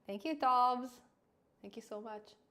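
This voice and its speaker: A woman's voice: fairly high pitch, unhurried, bright, forceful tone. A woman hosting a casual live coding stream, thinking aloud as she works and answering chat.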